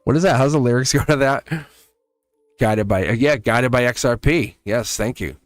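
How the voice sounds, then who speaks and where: A man's voice: medium pitch, normal speed, no room sound, soft background music. A man doing a live-stream tarot reading, talking casually to viewers and laughing often. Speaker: tarot reader.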